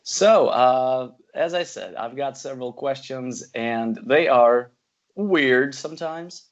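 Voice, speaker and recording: Russian-accented male host, mid-pitched, hesitant delivery, lo-fi video call audio. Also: takes it slowly. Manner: hesitant, many fillers. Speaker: podcast host. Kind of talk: casual chat. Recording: dull lo-fi sound.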